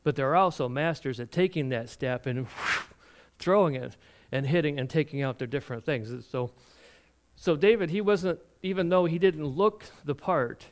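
Animated preaching man, smooth voice. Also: on the high side, normal speed. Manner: animated storytelling with frequent laughs and restarts. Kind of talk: sermon retelling a Bible story.

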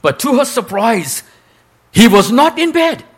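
Man preaching with animated, swooping delivery. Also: extremely high pitch, breathy edge. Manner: dramatic, swooping delivery with drawn-out quotes. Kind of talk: storytelling sermon.

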